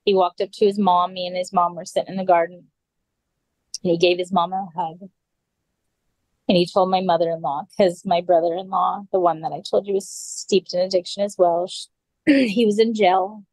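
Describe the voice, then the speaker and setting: A woman guest on a podcast, earnestly recounting a personal story and often clearing her throat. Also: fairly low pitch, steady tone, normal speed, a little mellow, no echo, rough recording.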